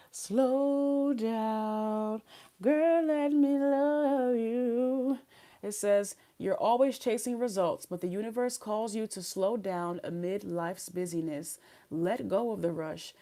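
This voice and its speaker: A woman's voice: mid-range voice, warm tone. A woman giving a live tarot reading, chatting casually in slang and reading card messages aloud. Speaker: tarot reader.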